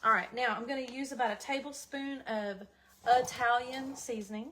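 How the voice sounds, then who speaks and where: A middle-aged woman talks viewers through a recipe in her home kitchen. Her voice sits a little high, and her easy, folksy chat is full of asides. There is a clear bed of noise in the recording. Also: steady tone, normal speed. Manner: chatty, folksy, addresses viewers as y'all. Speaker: cooking vlogger. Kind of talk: casual cooking livestream chat. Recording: audible background noise.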